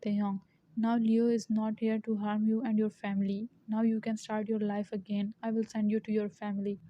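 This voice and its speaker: A woman voicing a ruthless young male mafia leader in a storybook reading, in a flat, even way. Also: medium pitch, normal speed, a little hiss or hum, lightly acted. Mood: stern. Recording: dull lo-fi recording.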